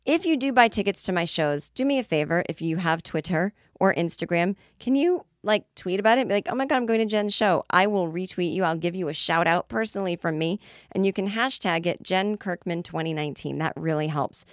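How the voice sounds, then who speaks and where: A woman podcast host in her forties telling a story in a casual monologue, animated and with sudden shrieks. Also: lowish voice, a little fast, dry recording, studio quality.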